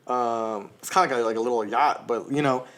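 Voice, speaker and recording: A man's voice: medium pitch, fairly quick, fairly bright tone. A man co-hosting a podcast, telling a long story in casual chat, laughing often and swearing freely. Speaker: podcast co-host.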